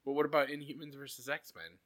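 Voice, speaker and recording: A man's voice: medium pitch, steady tone, a little fast, a bit bright. A man co-hosting a podcast, riffing in a casual chat with swearing and mock outrage. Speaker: podcast co-host.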